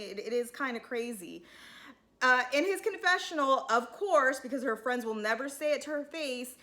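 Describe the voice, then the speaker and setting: A woman's voice: fairly high pitch, lively intonation, normal speed, sharp tone. A woman giving a casual, opinionated and sarcastic recap of a reality TV episode. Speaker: TV recap vlogger.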